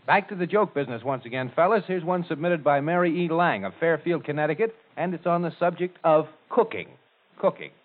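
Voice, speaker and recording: A man hosting a radio comedy show, brisk and chatty. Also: a little high, lively intonation. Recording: tinny lo-fi old radio broadcast.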